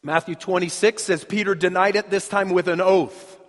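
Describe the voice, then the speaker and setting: High-voiced preacher in a reverberant hall. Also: male voice, fairly even intonation, normal speed, few pauses. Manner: dramatic storyteller, swings from loud to hushed. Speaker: pastor. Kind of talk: sermon.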